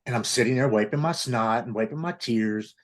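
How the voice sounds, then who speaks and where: As an interview guest, a man in his forties from Maryland in the United States gives an emotional personal testimony, quoting his own past thoughts aloud. His voice is medium-pitched and brisk.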